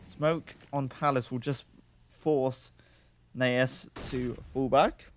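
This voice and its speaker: A man's voice: medium pitch, fairly even intonation, slow, slight background noise. A young man casting a live esports match, calling the play and chatting in joking asides. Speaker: esports caster.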